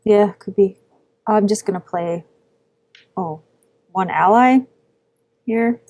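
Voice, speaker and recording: A woman with a warm, mellow voice plays a card game on a casual podcast. She talks in an easygoing way and laughs readily. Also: mid-range voice, slow pace. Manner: easygoing, giggly.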